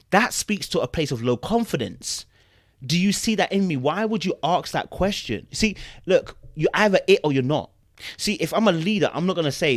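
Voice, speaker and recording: Animated man giving commentary. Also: fairly high pitch, fairly quick, no echo, studio quality. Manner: animated, acts out quotes, asks rhetorical questions. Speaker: podcast host reacting to a dating show. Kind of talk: casual commentary.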